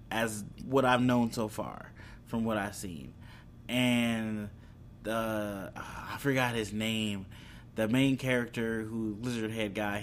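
A man's voice: medium pitch, a little hiss or hum. A young man hosting a video, chatting casually about upcoming shows, rambling with fillers and restarts. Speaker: video host. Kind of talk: casual entertainment news chat.

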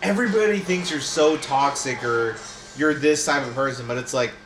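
A man's voice: medium pitch, normal speed. Ranting young man in an echoey room. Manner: ranting, swearing. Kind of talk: casual podcast chat. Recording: echoey room, faint noise.

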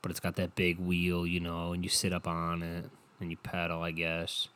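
A young man hosting a rambling solo podcast from home, swearing a lot and mocking himself, dropping from low mutters into loud bursts. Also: completely flat delivery, normal speed. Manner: profane, self-mocking, drifting between muttering and loud bursts. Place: home, no studio. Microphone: home podcast microphone.

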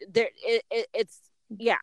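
A woman's voice: fairly high pitch, steady tone, measured pace, no echo. A woman co-hosting a podcast in casual chat, teasing and blunt, often restarting her sentences. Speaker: podcast co-host.

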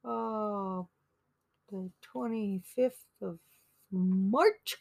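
A woman's voice: medium pitch, very slow, vocal fry, darkish tone, no echo. A woman co-hosting a podcast in casual chat, playful and foul-mouthed. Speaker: podcast co-host.

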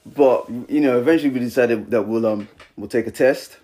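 A man's voice: mid-range voice, brisk. A young man in his twenties, a podcast co-host telling a personal story in casual chat, acting out quotes with many fillers. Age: 20s. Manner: animated storyteller, acts out quotes, frequent fillers.

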